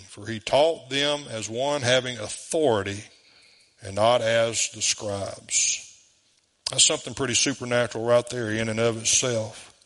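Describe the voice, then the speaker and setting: A man's voice: mid-range voice, sharp tone. A man preaching a sermon in a folksy, conversational way, chuckling often. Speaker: pastor.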